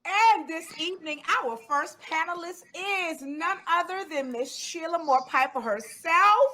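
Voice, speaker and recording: A woman's voice: extremely high pitch, unhurried, sharp tone, slight background noise. A woman hosting an online music panel, effusive and exuberant, often repeating her phrases. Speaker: panel host. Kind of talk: enthusiastic live panel hosting.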